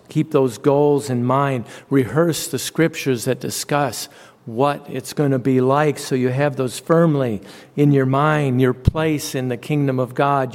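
A male preacher delivering a sermon at an unhurried, deliberate pace. He drives his points home by repeating phrases, and his voice sits at an ordinary middle pitch. A long reverb trails after each line. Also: a little mellow. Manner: slow, emphatic repetition.

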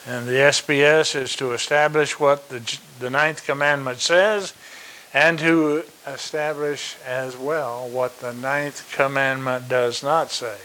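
A man delivers a sermon at an unhurried, measured pace, in a voice a little higher than most men's. He repeats key phrases for emphasis and fills his pauses with small hesitations. A faint steady hiss runs under the recording. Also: rough recording. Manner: slow and deliberate, with repeated emphasis and fillers. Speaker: preacher.

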